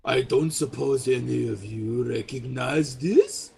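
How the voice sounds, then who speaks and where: A man's voice: mid-range voice, slow pace, creaky, darkish tone. A man voicing a sly, mustached male figure who speaks in a knowing, mocking tone in a tabletop game.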